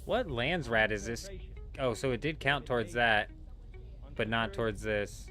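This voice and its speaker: A young adult man streaming a game from home, telling stories in a relaxed, animated way, swearing and calling his viewers "bro" and "dude". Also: mid-range voice, unhurried, faint music behind. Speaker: gaming livestreamer. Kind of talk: casual live-stream chat.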